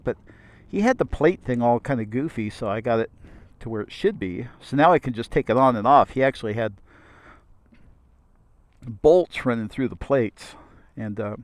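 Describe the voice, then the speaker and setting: A man's voice: mid-range voice, no echo. Rambling man on a bike walkaround. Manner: rambling, relaxed, lots of fillers. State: dry throat, coughing. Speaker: motorcycle vlogger. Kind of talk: casual walkaround vlog. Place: outdoors by a motorcycle in the heat.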